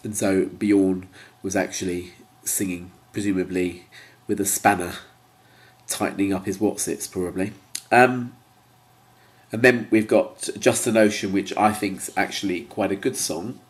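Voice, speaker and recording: A man with a slightly low, stuffy, nasal voice from blocked sinuses. He talks to camera in a loose, rambling way and fills his pauses with ums. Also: steady tone. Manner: rambling, hesitant with many ums. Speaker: YouTuber. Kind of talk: casual talk to camera.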